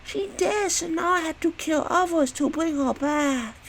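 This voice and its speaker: A man doing a possessed young girl, her voice pitched way up in a whiny, drawn-out squeak. She sounds mournful and eerie as she speaks slowly. He puts her on mid-rant. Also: gravelly, fairly bright tone, exaggerated voice. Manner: high whiny drawl.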